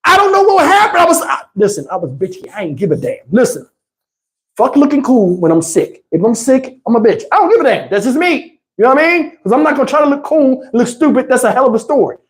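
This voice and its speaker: A man with a Texas accent telling a funny story in casual, animated vlog style, laughing and acting out the people in it. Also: extremely high pitch, quick pace. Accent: Southern US, Texas. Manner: animated, swearing, laughs often, acts out the other people in the story. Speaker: vlogger.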